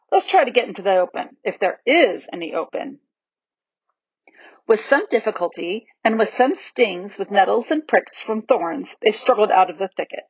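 A woman narrates a children's storybook with an expressive, varied delivery. Her voice is husky, with lively pitch. The recording is dry and dull, like lo-fi audio. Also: no room sound. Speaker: audiobook reader.

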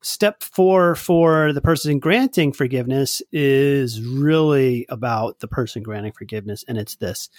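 A man in casual conversation, co-hosting a podcast. He talks in an animated way, slipping into quoted lines and laughing easily, at an ordinary middle pitch. The sound is dry and close, with no room echo. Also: a little slow, few pauses. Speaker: podcast co-host. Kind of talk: casual chat.

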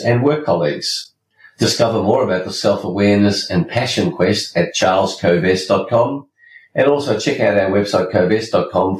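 Emphatic low-voiced male podcast host. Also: slight background noise. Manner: emphatic, preachy, tells jokes. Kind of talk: scripted podcast monologue. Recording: roomy, distant from mic, faint ambience.

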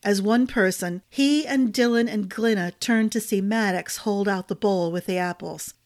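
Woman storyteller, measured fantasy-audiobook narration, mid-pitched voice. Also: darkish tone.

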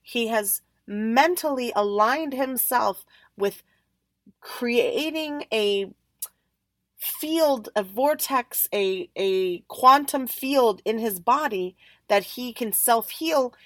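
Dry-voiced woman telling a lively story. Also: fairly high pitch, no echo. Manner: lively, animated storyteller acting out dialogue. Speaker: podcast host. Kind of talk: storytelling monologue.

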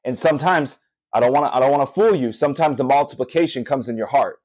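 A man's voice: medium pitch, quick pace, a little mellow, no echo, rough recording. A man, a father, preaching earnestly on a podcast, speaking directly to listeners and often repeating his points. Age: young adult or middle-aged father. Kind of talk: podcast sermon.

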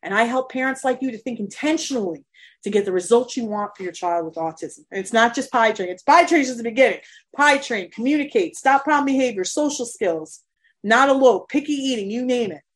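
A middle-aged woman with a fairly high voice gives an emphatic, energetic motivational talk to parents. She coaches in a blunt, casual way. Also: fast. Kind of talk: motivational live-stream talk.

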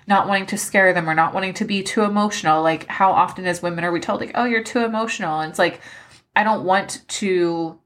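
A woman with a fairly low voice hosts a personal podcast, talking in an openly emotional, heartfelt way. Her delivery is loose and rambling, with "like" scattered through her sentences. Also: fairly even intonation, brisk, fairly bright tone. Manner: rambling, with many "like" fillers. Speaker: podcast host. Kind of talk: personal life-update podcast monologue.

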